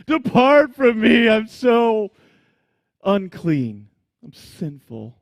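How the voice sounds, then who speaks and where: A man's voice: very animated, extremely slow, creaky, dry recording, clean studio sound, heavily acted. A man hamming up a wailing, overwrought fisherman. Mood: melodramatic. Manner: overwrought, shouted, high and whiny. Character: melodramatic grown fisherman wailing his unworthiness. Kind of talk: comic sermon re-enactment.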